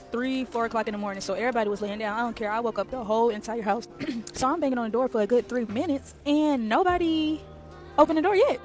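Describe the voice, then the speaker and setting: A woman chatting through a storytime from an airport, talking straight to her viewers. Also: fairly high pitch. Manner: chatty, addresses viewers as y'all. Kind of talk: casual storytime.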